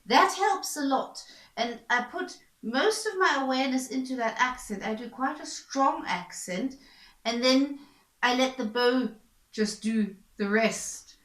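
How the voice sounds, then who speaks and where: A woman's voice: sits high, animated, unhurried, a bit bright, roomy sound, low-quality recording. A woman violin teacher patiently explaining bowing practice, repeating points and encouraging the student. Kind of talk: instructional explanation.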